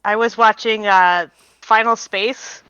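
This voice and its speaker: Bright-toned woman on a dull lo-fi mic. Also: mid-range voice, steady tone, slow pace, smooth, dry recording. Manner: offhand, wry remarks. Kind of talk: casual chat.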